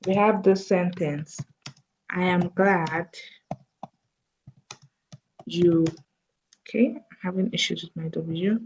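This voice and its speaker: A woman teaching a coding lesson over a screen recording, thinking aloud slowly as she types. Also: fairly low pitch, fairly even intonation, darkish tone, highs cut off, a little hiss or hum. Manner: slow, thinking aloud while typing. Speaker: coding tutor.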